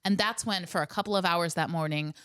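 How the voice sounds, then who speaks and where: A woman's voice: on the low side, brisk, fairly bright tone, clear, resonant tone, dry recording. Earnest woman co-host, dry close sound. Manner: earnest, recounting events step by step. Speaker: podcast co-host. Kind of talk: casual storytelling chat.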